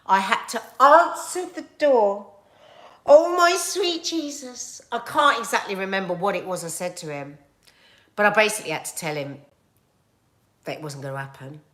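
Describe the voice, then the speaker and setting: A middle-aged woman with a British accent, hosting a casual livestream chat and telling stories in an animated, chatty way. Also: medium pitch, fairly quick. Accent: British English. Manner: animated, chatty storytelling with laughs and asides. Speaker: livestream host reading viewer comments.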